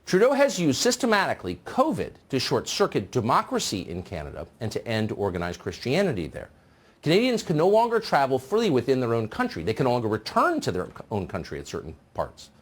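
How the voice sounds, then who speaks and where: A man hosting a television news show, delivering a sarcastic, mocking opinion monologue in a husky voice. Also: mid-range voice, huge pitch swings, brisk.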